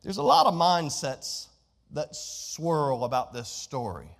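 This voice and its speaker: A man's voice: a little high, wildly swooping pitch, slow, vocal fry. A man preaching a sermon as pastor, emphatic and repeating his key phrases. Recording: long hall reverb.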